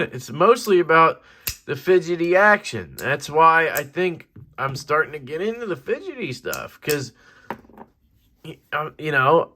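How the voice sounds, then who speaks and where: A young man casually reviewing a knife in a rambling, excited vlog, swearing now and then. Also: on the high side, slight background noise.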